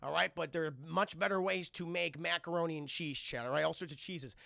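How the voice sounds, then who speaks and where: A man's voice: a little high, steady tone, fairly quick, vocal fry, bright, forceful tone, no room sound, clean studio sound. A young man streaming a casual, crude, rambling scene-by-scene film recap to his chat.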